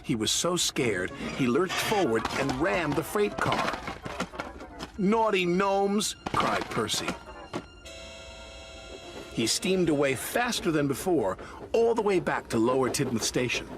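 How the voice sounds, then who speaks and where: Lively male storybook narrator. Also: mid-range voice, unhurried. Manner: lively, animated telling. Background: background music.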